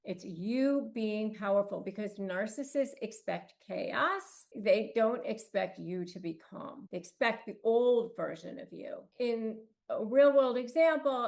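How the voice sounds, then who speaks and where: A woman's voice: on the high side, darkish tone. A woman hosting an advice talk, coaching in emphatic, clipped phrases. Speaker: host.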